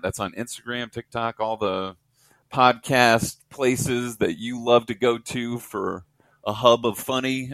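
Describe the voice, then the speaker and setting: A man's voice: lowish voice, a bit bright, no room sound. A man guesting on a comedy podcast, talking in a laid-back, playful, supportive way. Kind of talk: casual comedic interview.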